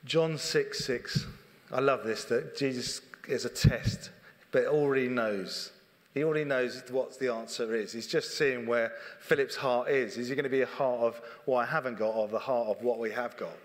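A church hall's long reverb colors this sermon from a middle-aged church leader, who speaks earnestly and conversationally and repeats his phrases often. He has a medium-pitched voice and keeps a moderate pace.

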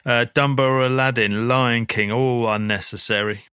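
A man's voice: mid-range voice, steady tone, sharp tone, clear, resonant tone, no room sound, clean studio sound. A man co-hosting a casual film podcast, playful and contrary. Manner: playful, contrary, quick to interrupt. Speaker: podcast co-host.

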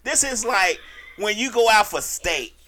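A man, co-hosting a casual podcast chat and telling an animated comic story. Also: sits high, unhurried. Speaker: co-host.

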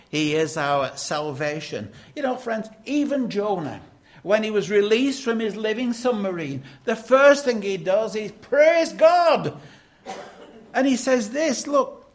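An older man preaching a sermon, emphatic, swinging between loud declarations and hushed lines. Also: high voice.

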